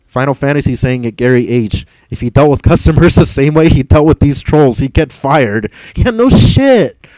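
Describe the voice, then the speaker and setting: A man's voice: mid-range voice, darkish tone, no room sound, poor audio. A young man hosting a casual livestream, reading viewer comments aloud in a rambling, exasperated way, swearing and laughing often. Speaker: livestream host reading chat.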